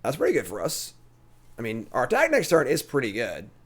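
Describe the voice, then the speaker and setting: A man streaming a digital card game, thinking aloud in a relaxed, chatty commentary. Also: medium pitch, a little fast.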